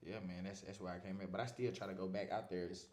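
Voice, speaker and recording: A man, a podcast guest telling stories in a relaxed, slangy way. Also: deep voice, fast, roomy sound. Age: 20s. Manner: laid-back, slangy storytelling. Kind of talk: casual podcast chat.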